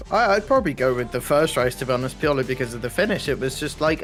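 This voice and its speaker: A man chatting as co-commentator on a sim race broadcast, animated and prone to excited exclamations. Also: mid-range voice, fast talker, few pauses. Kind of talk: casual commentary chat. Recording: faint music bed behind.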